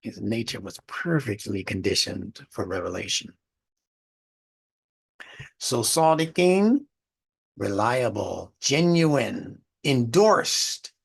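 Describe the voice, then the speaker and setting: A man's voice: medium pitch, big pitch swings, slow pace, vocal fry, pauses often, slightly rough. A man teaching a religious studies class in a lecture, explaining word meanings and asking the class rhetorical questions.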